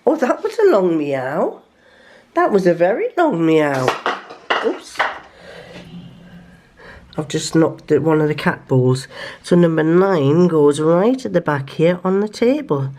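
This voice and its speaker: A woman's voice: deep voice, big pitch swings, takes it slowly, long pauses, warm tone, a little hiss or hum. An older woman vlogging at home, chatting casually and laughing often while she narrates her day. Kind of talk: casual home vlog chat.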